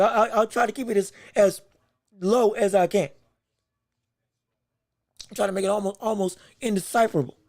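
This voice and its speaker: High-voiced man calling a fight live. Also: dry recording, studio quality. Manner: excitable, quick reactions, frequent self-corrections. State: hiccups. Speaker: podcast host and fight commentator. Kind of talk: live boxing commentary.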